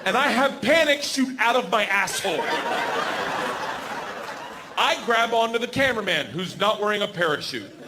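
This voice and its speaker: Man, forties, stand-up comedian, loud and animated, noisy live room. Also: high-pitched, moderate pace, pauses often. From United States. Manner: loud, animated, acts out characters. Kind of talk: stand-up storytelling. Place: comedy club stage. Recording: live club set with crowd noise. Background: laughing crowd.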